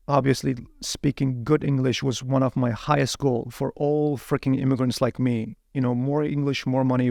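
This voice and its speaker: Gravelly-voiced man telling his story animatedly. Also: mid-range voice, no room sound, studio quality. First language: Uyghur. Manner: animated, repeats words while searching for them. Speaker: interview guest. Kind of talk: casual storytelling interview.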